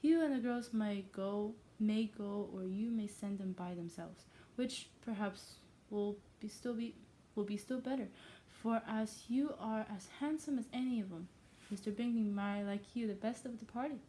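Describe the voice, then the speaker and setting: A woman who is not a native English speaker voicing an excitable, pushy middle-aged mother who gossips. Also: moderate pace, slight background noise, lightly acted. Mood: insistent. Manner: eager, insistent, pitched up.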